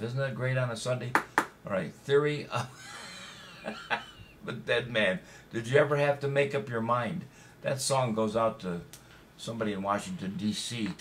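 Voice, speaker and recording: A man's voice: on the low side, noisy background. A man hosting a casual live-stream trivia show, cracking corny jokes and reading out viewers' names and answers. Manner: jokey, chatty, reads out viewer names and answers. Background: music.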